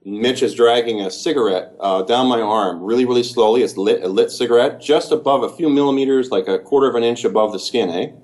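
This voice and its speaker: A man's voice: medium pitch, fairly quick, hardly any pauses, darkish tone. A Canadian man giving a long, detailed, earnest first-person account in an interview. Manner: earnest, detailed, methodical storytelling.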